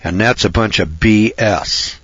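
A man's voice: fairly low pitch, measured pace, fairly bright tone, slightly rough, no room sound. A man preaching a sermon in a folksy, emphatic way, repeating key phrases for weight. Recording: dull, dry lo-fi recording.

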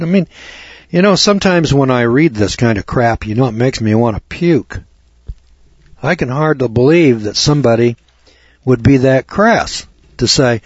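A man preaching a sermon in an indignant, mocking way, repeating words and clearing his throat. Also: medium pitch, expressive, moderate pace, no echo, highs cut off. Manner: indignant, mocking, rises to exclamations.

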